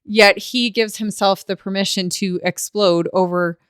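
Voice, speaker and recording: A woman's voice: mid-range voice, fairly even intonation, unhurried, fairly bright tone, clear, resonant tone, no echo, studio quality. A woman hosting a podcast interview who reflects and thinks aloud as she responds to her guest. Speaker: podcast host. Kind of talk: conversational interview.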